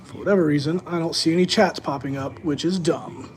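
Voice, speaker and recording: A man's voice: a little high, brisk. A young man hosting a live-streamed sports card break, chatting casually to his viewers as he opens packs.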